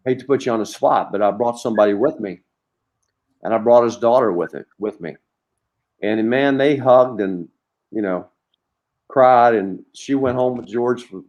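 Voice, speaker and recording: Storytelling middle-aged man, former coach. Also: mid-range voice. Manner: rambling, animated anecdotes with many restarts. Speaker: podcast guest, former college coach. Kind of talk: storytelling in a conversation.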